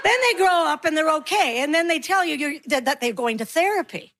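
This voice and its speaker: A middle-aged woman performs stand-up comedy, telling stories about parenting. Her voice sits high and sounds bright and sharp. She keeps jumping into shrill, exaggerated voices for herself and her children. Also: a little fast. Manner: animated storytelling, acting out kids and herself in shrill voices.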